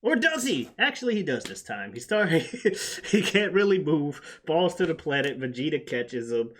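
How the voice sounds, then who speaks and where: A man's voice: on the high side, sing-song, moderate pace, a bit bright. A man hosting a casual recap chat, laughing often and swearing freely as he retells episodes. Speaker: podcast host.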